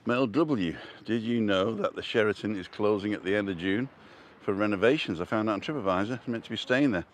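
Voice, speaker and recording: A man's voice: fairly low pitch, a little fast, slight background noise. An older man live-streaming on a street walk, chatting casually and answering viewers' comments as he goes. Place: outdoors on a street.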